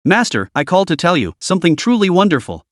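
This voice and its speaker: A man's voice: sits high, sing-song, fast talker, no room sound, studio quality. A man voicing a passionate young female opera performer, talking eagerly with a tremble. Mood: solemn.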